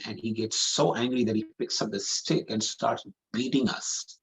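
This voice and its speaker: A man's voice: on the low side, fairly even intonation, moderate pace, vocal fry, poor audio. A man giving a scripture class, telling a story earnestly and repeating phrases for emphasis. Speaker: preacher.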